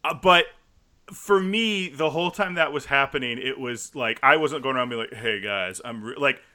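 A man's voice: medium pitch, normal speed, sharp tone. A young man co-hosting a podcast, chatting casually in a rambling way full of fillers. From United States. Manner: rambling, filler-heavy storytelling. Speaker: podcast co-host. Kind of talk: casual chat.

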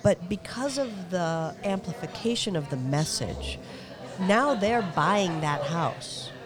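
A middle-aged woman hosting a casual podcast chat, earnest and quick to laugh. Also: lowish voice. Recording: lively crowd noise behind.

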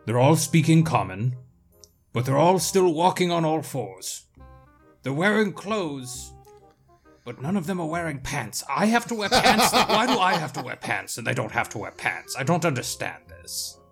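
A man's voice: fairly high pitch, lively intonation, measured pace, husky, soft background music, pitched above the performer's own voice, exaggerated voice. A man doing a flustered, pants-hating adventurer. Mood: baffled. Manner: flustered, whiny. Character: eccentric male character who hates pants.

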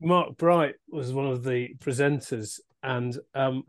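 A man's voice: mid-range voice, takes it slowly. A man with an English accent co-hosting a podcast, telling anecdotes in a dry, understated way. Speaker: podcast co-host.

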